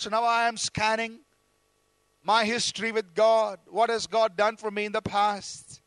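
A man's voice: high-pitched, little pitch movement, measured pace, a bit bright, clear, resonant tone, no room sound. A man preaching a sermon, speaking emphatically and calling on the congregation to respond.

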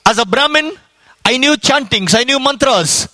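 A man preaching his testimony with fervent, repetitive storytelling and rising exclamations. His voice sits very high and rings bright and forceful. The sound is dry, with hardly any room around it. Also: animated, normal speed, dry recording. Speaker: evangelist giving his testimony. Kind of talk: sermon testimony.

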